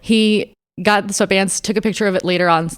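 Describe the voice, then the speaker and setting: A woman's voice: mid-range voice, steady tone, a little fast, clear, resonant tone. A young woman in her twenties co-hosting a podcast, telling a story candidly in casual chat, swearing often and saying "like" a lot. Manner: candid storytelling, frequent swearing and laughter, lots of "like". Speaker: podcast co-host.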